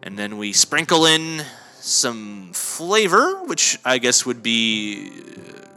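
A man hosting a comedy podcast, delivering a deadpan, mock-pompous monologue that rambles with many fillers and self-corrections. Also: mid-range voice, slow, soft background music. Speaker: podcast host.

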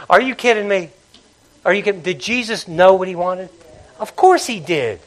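A man preaching a sermon, telling stories with animated swings between loud outbursts and quiet passages. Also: high voice, moderate pace. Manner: animated storytelling, acting out characters with loud outbursts and quiet drops.

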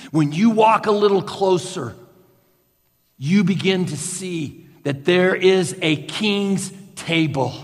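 A man preaching a sermon as a slow, guided story, swinging from loud bursts to hushed near-whispers. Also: on the high side, big-room sound. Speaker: pastor.

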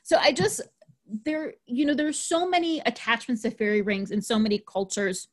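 A woman's voice: on the high side, fairly even intonation, normal speed. A woman hosting a podcast, chatting casually and cheerfully about folklore, with frequent ums and likes. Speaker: podcast host.

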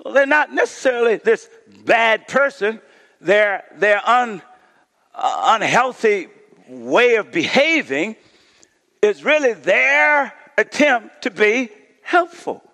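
Male pastor, high-pitched preaching voice, scripture reading and call-and-response, long hall reverb. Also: sing-song, slow. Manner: preaching, calls on the congregation to shout responses; reads scripture, voicing the complaining crowd with rising intensity. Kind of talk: sermon.

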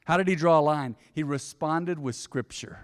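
A man's voice: on the high side, moderate pace. A male pastor preaching a sermon in a conversational way, often asking the congregation questions. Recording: long reverb of a large hall.

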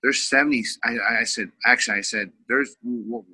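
A man's voice: mid-range voice, normal speed, bright, forceful tone, slightly rough, no echo, rough recording. A man from Northern California, a wrestling coach, telling an emotional family story in a rambling way, full of fillers and restarts. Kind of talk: candid storytelling interview.

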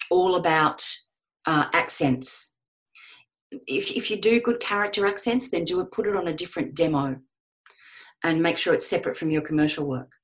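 A woman answering questions on a video call, giving frank, conversational advice to voice actors. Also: lowish voice. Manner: frank, conversational, restarts often. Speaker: voice-over panel host. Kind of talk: webinar Q&A advice.

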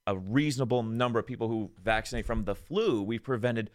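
A man in casual chat, talking haltingly with restarts and dropping dry wisecracks. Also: mid-range voice.

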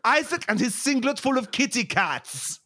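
A man voicing a giddy, flustered grown man who keeps kittens in his singlet, in a high excited voice. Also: normal speed, no room sound, clean studio sound, heavily acted.

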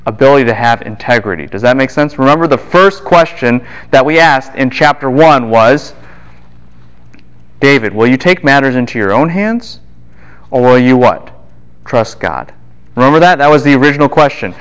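A man giving a Bible lecture to a class, animated and quick to fire questions at his students. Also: medium pitch, clear, resonant tone.

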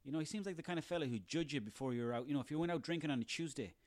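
A man's voice: a little high, animated, racing, darkish tone, dry recording. An Irish man in his thirties delivering a sarcastic, profanity-laden comic rant on his own. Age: 30s. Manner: profane, sarcastic, ranting, rambling.

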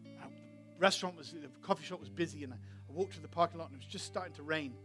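A male preacher with a high voice tells a story from the pulpit. He swings from loud, excited bursts to hushed, quiet moments. Soft music plays behind him. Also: fast. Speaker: pastor. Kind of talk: sermon storytelling. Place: church.

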